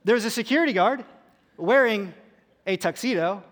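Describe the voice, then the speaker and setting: A pastor preaching in a relaxed, storytelling way, poking fun at himself as he goes. His voice is high for a man. The sound trails off into the long reverb of a big hall. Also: moderate pace. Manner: conversational, self-deprecating humor. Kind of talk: sermon storytelling.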